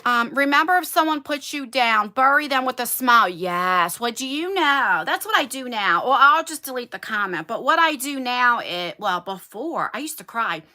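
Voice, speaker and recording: A talkative woman chats with her viewers on a livestream from her attic bedroom. Her voice sits fairly high and bright and swings widely in pitch. She talks to them directly, like a friend catching up. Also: sing-song, normal speed, hardly any pauses. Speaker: beauty YouTuber. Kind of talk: casual livestream chat.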